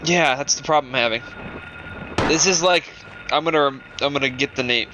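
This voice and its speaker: A man's voice: on the high side, a little fast, bright, forceful tone, a little hiss or hum, low-quality recording. A man in a casual group chat over a game he plays, rambling and searching for words. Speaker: let's play commentator.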